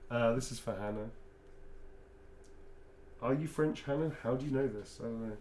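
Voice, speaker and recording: A man's voice: medium pitch, normal speed. A middle-aged man, an actor, chatting casually and rambling with frequent laughs while he signs autographs. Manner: relaxed, rambling, laughs often. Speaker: actor guest signing autographs. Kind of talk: casual chat while signing. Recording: roomy echo, faint background hum.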